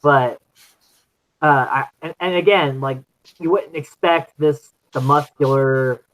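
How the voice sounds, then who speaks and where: A man hosting a casual podcast chat, retelling scenes with lively acted-out quotes. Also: slow pace, rough recording. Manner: animated, acts out quotes with big pitch jumps. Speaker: podcast host. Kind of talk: casual chat recapping episodes.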